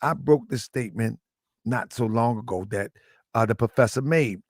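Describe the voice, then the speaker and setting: A slightly hoarse man hosting a livestream, talking casually and muttering asides as he sets things up. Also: mid-range voice, moderate pace, dry recording, studio quality. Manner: chatty, repetitive, muttering asides while setting up. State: slightly hoarse, lost some voice. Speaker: livestream host.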